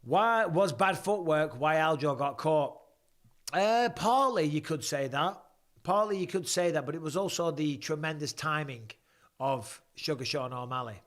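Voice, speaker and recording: A man's voice: fairly high pitch, normal speed, fairly bright tone. Chatty man streaming fight commentary. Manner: chatty, jokey banter reading viewer questions aloud. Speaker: live stream host. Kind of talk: casual live fight commentary.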